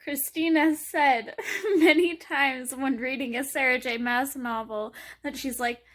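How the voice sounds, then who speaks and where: A woman vlogging about a book she is reading, talking casually and gushing with excitement, often breaking into squeals and laughter. Her voice is high and bright, and she takes her time with the words. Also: unhurried. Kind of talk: casual reading vlog reactions.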